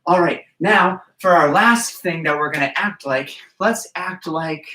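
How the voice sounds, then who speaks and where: The coach's medium-pitched voice comes across a little slow, pushed and bright as she counts out loud and encourages little children and their parents in a gymnastics movement class. The recording sounds roomy and distant.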